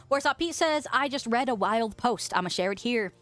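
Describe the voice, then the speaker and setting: A young woman streamer chatting casually while eating peanut butter, reading chat messages aloud, giggling and humming filler. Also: on the high side.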